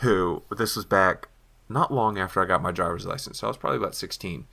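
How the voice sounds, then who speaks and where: A man's voice: low-pitched, fast talker, vocal fry, pushed and bright. A young adult man co-hosting a podcast, telling stories in casual chat and acting out the lines he quotes. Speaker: podcast co-host.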